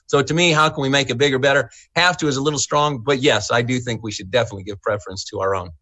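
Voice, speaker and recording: A middle-aged man running for state senate, answering interview questions in a folksy, animated way, often repeating and restarting words as he tells a story. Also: mid-range voice, quick pace, dry recording.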